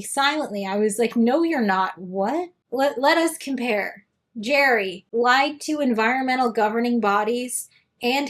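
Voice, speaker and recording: A woman talks through her thoughts in a casual, chatty commentary with a somewhat high voice. Her delivery is sarcastic and lively, like she's poking holes in something she's just watched. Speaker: video essayist.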